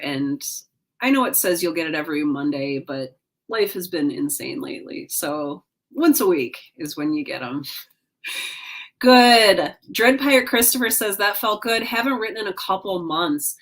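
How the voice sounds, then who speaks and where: A woman's voice: lowish voice, lively intonation, moderate pace, a bit bright. A tired woman hosting a casual livestream from home, yawning between comments she reads aloud and cheering on viewers. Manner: yawning, drowsy, upbeat and encouraging. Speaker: livestream host.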